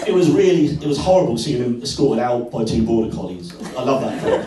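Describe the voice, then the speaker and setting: A man performing stand-up comedy in a club, telling stories in a wry, self-deprecating way and chatting with the crowd. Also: on the high side. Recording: echoey club, far from mic, crowd.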